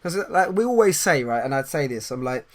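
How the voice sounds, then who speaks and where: A man hosting a podcast, talking in casual chat with fast restarts, repeated words and frequent laughs. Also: mid-range voice, very animated. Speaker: podcast host and coach.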